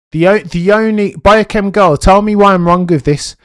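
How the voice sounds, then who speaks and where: A young man streaming live race commentary, chatty and animated, with excited bursts and muttered asides. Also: high voice, normal speed, smooth, dry recording, studio quality.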